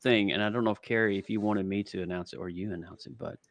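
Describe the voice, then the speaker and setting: A man's voice: lowish voice, fairly even intonation, quick pace, no echo. A man co-hosting a live online show, joking around and announcing the next act like an emcee. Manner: playful, announcer-like introductions. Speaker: co-host. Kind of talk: casual live-stream chat.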